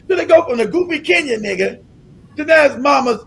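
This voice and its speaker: A man hosting a live stream, ranting in an animated, incredulous way, swearing freely and breaking into laughter. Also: very high voice, a little fast, vocal fry. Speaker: livestream host.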